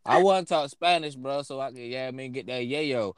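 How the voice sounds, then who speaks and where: A man's voice: medium pitch, fairly quick, smooth, dry recording, studio quality. A man co-hosting a podcast, telling loose, profane stories in casual chat. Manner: loose, profane, animated storytelling. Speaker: podcast co-host.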